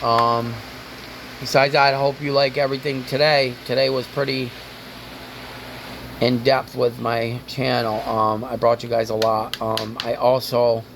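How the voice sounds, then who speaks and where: A man's voice: medium pitch, slight background noise. A man hosting his own car vlog, rambling and ranting casually with frequent swearing. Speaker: car vlogger.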